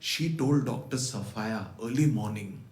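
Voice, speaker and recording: A man's voice: on the low side, a little slow, a little mellow. Man telling a story in a roomy hall. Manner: reflective, retells events with quoted dialogue. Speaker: guest speaker at a devotional birthday program. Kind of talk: personal storytelling talk. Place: devotional center hall.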